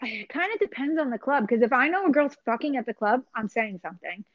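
A woman's voice: fairly high pitch, expressive, fast talker, dry recording, highs cut off. A woman telling blunt stories in a casual chat over a call, with lots of "like" and "you know what I mean". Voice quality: blunt, chatty storyteller with frequent "like". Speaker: guest.

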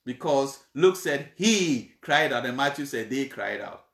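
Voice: medium pitch, expressive, measured pace, vocal fry, a bit bright, echoey room. A preacher explaining a Bible passage in a sermon, repeating points and checking in with the congregation.

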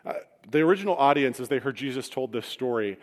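A male pastor tells a story from the pulpit, mixing vivid retelling with joking asides. His voice sits at an ordinary middle pitch. The sound rings with the long reverb of a large hall. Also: animated, fast. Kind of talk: sermon.

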